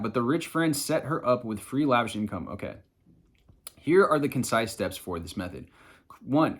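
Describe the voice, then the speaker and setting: A man's voice: medium pitch, a bit bright. A man coaching viewers on manifestation in a loose, chatty way, swearing casually. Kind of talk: casual self-help explainer.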